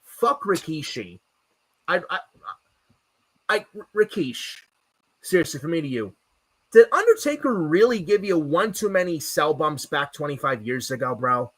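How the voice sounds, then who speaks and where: Ranting, profane wrestling podcast host. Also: male voice, a little high, sing-song, unhurried, husky. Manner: profane, ranting, repeats himself. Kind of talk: casual wrestling recap chat.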